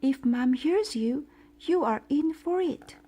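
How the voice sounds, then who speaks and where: Lady doing a squeaky little girl, excited and shouty, storybook voice. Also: heavily acted. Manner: excited, loud, quick to shout. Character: young girl hiding a pet monster. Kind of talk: storybook read-aloud.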